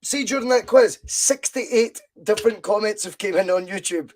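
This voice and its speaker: A Scottish man hosting a casual football quiz podcast, excitable and quick to shout when delighted. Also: sits high. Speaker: podcast host.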